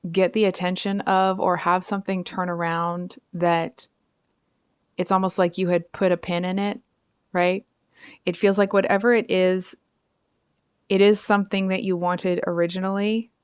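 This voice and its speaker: A woman's voice: fairly low pitch, clean tone, no room sound, clean studio sound. A woman giving a casual tarot reading, chatty and rambling, with frequent asides and apologies. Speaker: tarot reader.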